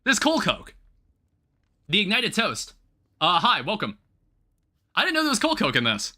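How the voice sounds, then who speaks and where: A man's voice: sits high, wildly swooping pitch, pushed and bright. A young man chatting casually while playing on a livestream, rambling and swearing freely. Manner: rambling, swearing, quick to laugh. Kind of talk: casual gaming stream chat.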